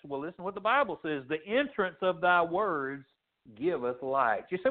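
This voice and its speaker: A man with a high voice preaches a sermon, rising and falling sharply as he acts out the people in his story. The sound is thin and tinny, as if heard down a phone line. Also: animated, normal speed. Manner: preaching with dramatic pitch swings, acting out quoted voices. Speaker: pastor.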